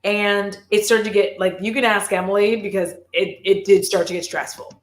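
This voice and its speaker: Animated, foul-mouthed woman chatting casually on a live call; room echo. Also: mid-range voice, moderate pace. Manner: swears freely, rambly and animated. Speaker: guest on a live chat stream. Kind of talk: casual chat.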